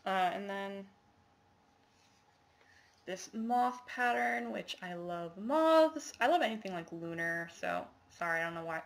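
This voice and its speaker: A woman's voice: mid-range voice, expressive, unhurried. A woman chatting casually to the camera in a show-and-tell video, rambling with lots of fillers and apologies. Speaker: cross-stitch vlogger.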